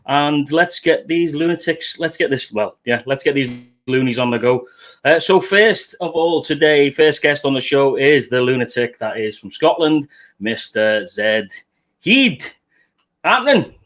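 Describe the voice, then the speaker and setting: Sweary British livestream host. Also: male voice, on the high side, moderate pace, a bit bright. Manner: sweary, jokey, fiddling with his setup while talking. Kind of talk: casual livestream chat. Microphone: webcam setup at a desk.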